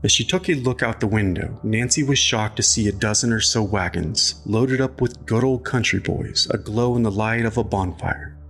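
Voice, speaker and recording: A man narrating an audiobook chapter in a measured, even storytelling manner. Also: lowish voice.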